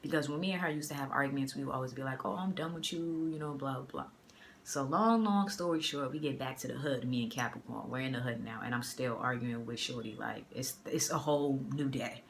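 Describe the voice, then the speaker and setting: Woman, casual storytime vlog, gravelly voice, chatty and slangy, phone recording. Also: extremely low pitch, brisk, slight background noise. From Boston area. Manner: loose and chatty, full of fillers and slang. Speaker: vlogger. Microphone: phone camera.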